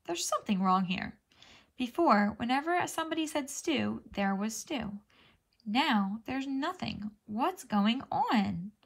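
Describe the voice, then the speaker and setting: A young male cat puzzles aloud in a lightly raised, wondering voice , put on by a woman reading a storybook. The tone sits a little above her own with a faint rasp. It sounds like a storybook sidekick muttering over an empty bowl. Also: a little high, expressive, slow pace, full character voice. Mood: puzzled.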